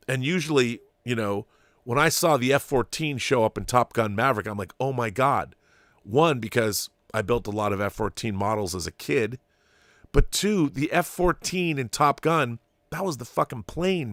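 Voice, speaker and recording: A man's voice: mid-range voice, a bit bright, no room sound, clean studio sound. A man hosting his own channel, ranting in an exasperated, sarcastic and profane monologue. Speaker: channel host. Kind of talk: opinion commentary monologue.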